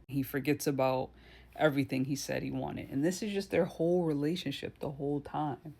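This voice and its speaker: A woman's voice: a bass voice, fairly even intonation, a little slow, darkish tone. A woman giving casual commentary on a true crime case, with a blunt, indignant, conversational manner.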